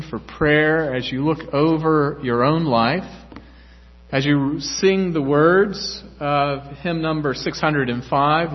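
A male pastor preaching a sermon in a church, earnest and measured. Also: fairly high pitch. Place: church sanctuary. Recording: echoey church hall, dull lo-fi sound.

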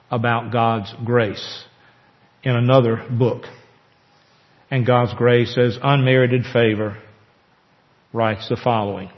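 A man preaching a sermon as pastor, earnest, with slow emphatic pauses. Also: fairly low pitch. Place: church sanctuary. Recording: echoey church hall, dull lo-fi sound.

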